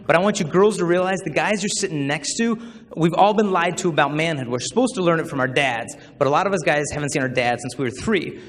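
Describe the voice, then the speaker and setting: A man giving a humorous public talk to students, telling stories with animated acted-out voices. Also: a little high, big-room sound. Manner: animated storytelling, acts out voices. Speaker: chastity speaker.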